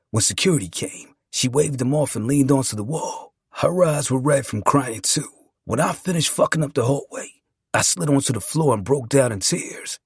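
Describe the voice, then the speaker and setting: A man reads a dramatic first-person story, emotional and profane. His voice is husky and raspy and moves widely in pitch. It sits dry and close to the mic. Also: no room sound. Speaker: narrator.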